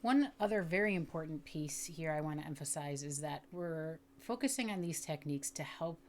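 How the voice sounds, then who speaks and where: A woman's voice: low voice, lively intonation, slight background noise. Patient woman teaching a reading lesson. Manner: patient, explanatory, checks in with "okay?"; sounds out words slowly. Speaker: literacy teacher. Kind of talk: instructional video lesson.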